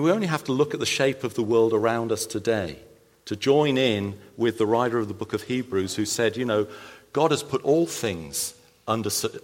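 A male pastor preaching a sermon with animated, emphatic delivery and playful asides. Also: medium pitch. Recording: long reverb of a large hall.

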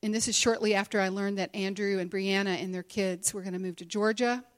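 A woman's voice: medium pitch, steady tone, fairly quick. A middle-aged woman speaking candidly to a women's gathering, sharing a personal testimony in a conversational way with many fillers. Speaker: conference speaker and teacher.

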